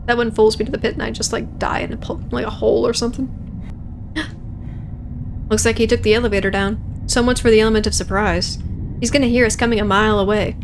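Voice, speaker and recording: Young woman streamer reading out game dialogue, jokey and casual, slightly high voice, bit of hiss behind. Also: fairly even intonation, quick pace. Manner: casual, joking, reads all characters' lines in her own voice. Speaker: let's play streamer.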